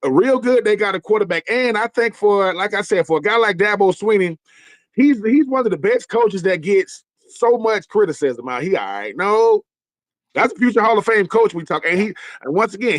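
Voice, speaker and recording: A man in a casual sports debate, talking in a colloquial, emphatic way with quick asides. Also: sits high, lively intonation, no echo. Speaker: panelist.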